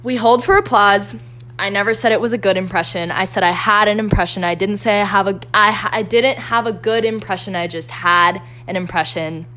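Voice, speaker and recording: A woman's voice: medium pitch, steady tone, brisk, few pauses, pushed and bright. A young woman hosting her own podcast in casual solo chat, rambling and self-deprecating with lots of fillers. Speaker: podcast host.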